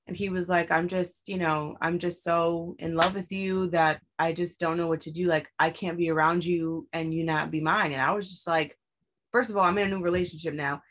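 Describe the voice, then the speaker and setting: A young woman candidly telling a personal story in casual conversation, swearing freely and jumping her voice up when she quotes herself. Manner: candid and profane, acts out her own quoted lines with sharp rises in pitch.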